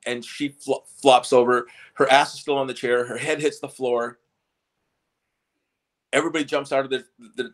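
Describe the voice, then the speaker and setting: A middle-aged man, a stage hypnotist, telling stories in a casual interview and often repeating and restarting his words. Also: medium pitch.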